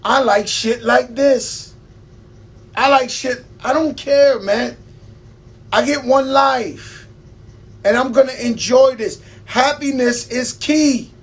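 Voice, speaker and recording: A man's voice: very high voice, slow pace, slightly rough. A man hosting a live stream, telling loose stories with swearing, laughs and a New York accent. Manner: loose storytelling with profanity and laughs. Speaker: host. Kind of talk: casual live-stream talk.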